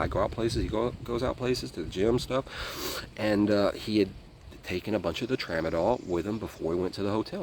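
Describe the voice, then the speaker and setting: A man's voice: on the low side, a little mellow, slight background noise. A man telling a war story in a casual, profane, rambling way, acting out what others said. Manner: profane, rambling, acts out quotes. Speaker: former foreign legion volunteer.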